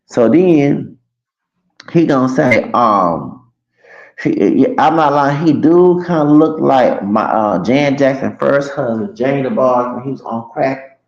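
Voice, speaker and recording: A man's voice: mid-range voice, expressive, slow pace, darkish tone. A man telling a long, rambling story on a livestream, cursing freely and talking to his viewers as y'all. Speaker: streamer. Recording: echoey room, dull lo-fi sound.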